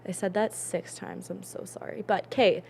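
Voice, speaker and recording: A woman co-hosting a relaxed podcast, talking freely in long rambling turns. She trails off mid-thought and circles back with easy chatter. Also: medium pitch, normal speed, creaky, breathy edge. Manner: rambling, talkative, trails off and restarts. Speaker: podcast co-host. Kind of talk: casual podcast chat.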